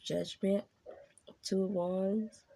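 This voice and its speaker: A woman giving a casual tarot reading straight to her viewers, chatty and excitable. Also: medium pitch, extremely slow, vocal fry. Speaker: tarot reader.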